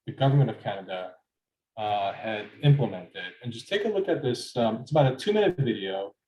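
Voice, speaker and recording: A man moderating a casual discussion, speaking loosely with frequent pauses and fillers. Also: lowish voice, darkish tone, a little hiss or hum. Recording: roomy echo.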